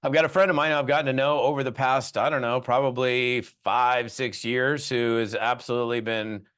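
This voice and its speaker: A man's voice: medium pitch, steady tone, normal speed, a bit bright, smooth. A man from the US West Coast hosting an interview podcast, chatting casually and joking with his guest. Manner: jokey, friendly, says "you know" and "uh" a lot. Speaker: podcast host.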